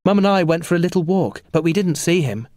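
Man doing a high curious young boy, quick and eager, storybook. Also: animated, a little mellow, dry recording, studio quality, close to an everyday voice.

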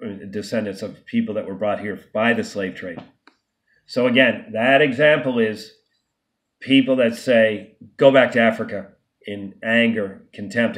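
A man with a fairly low voice talks straight to camera in an unscripted vlog. He sounds emphatic and indignant, and he keeps restarting and tripping over words as he works his way through a point. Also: fairly bright tone. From United States. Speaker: vlogger.

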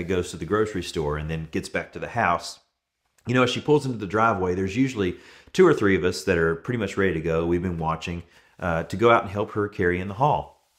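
A man with a fairly low voice preaches to his congregation in an easy, conversational way. He is in his thirties and leans on homely everyday stories to carry his points. His delivery stays relaxed and friendly rather than formal. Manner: relaxed storytelling with everyday examples. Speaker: pastor. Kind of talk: conversational sermon.

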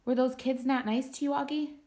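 A woman reading aloud and voicing a gentle, worried mother who asks her young son soft, caring questions. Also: high voice, little pitch movement, a little fast, voice pushed up. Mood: concerned. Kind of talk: read-aloud storytelling.

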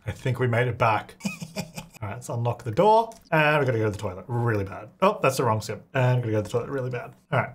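A man giving casual let's-play commentary on his game, chatty and playful, often laughing and speaking his characters' thoughts aloud. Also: mid-range voice. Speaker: gaming video creator.

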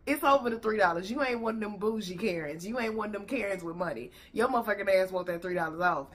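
A woman's voice: medium pitch, fast, slight background noise. Profane, sassy woman commentator. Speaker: reaction video host. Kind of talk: ranting reaction commentary.

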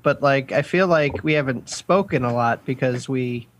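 A man's voice: mid-range voice, moderate pace. A man hosting a running podcast in casual chat, joking and easygoing. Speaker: podcast host.

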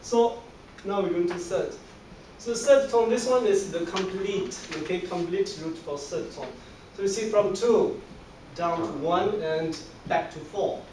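A man's voice: sits high, measured pace, darkish tone. A male language teacher drilling a class on tones, patient and coaxing, laughing often and repeating each sound as a model. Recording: echoey room, distant mic, faint noise.

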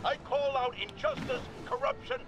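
An actor playing an indignant, loud male radio talk show host, reading listener mail on air. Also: very high-pitched, moderate pace. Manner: animated, indignant broadcast delivery. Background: game music.

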